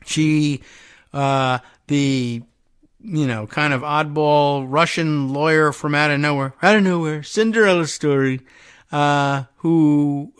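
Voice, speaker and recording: A man's voice: on the high side, clean tone. A male podcast host reading a news story aloud, breaking off for sarcastic, wry asides and stumbling over names.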